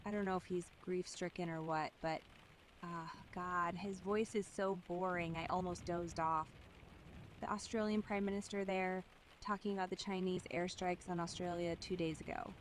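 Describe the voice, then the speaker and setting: Woman doing a blunt news anchor, somewhat low voice, offhand irreverent delivery. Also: steady tone, normal speed, a little hiss or hum, close to an everyday voice. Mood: dismissive. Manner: candid, offhand commentary. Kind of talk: mock news broadcast.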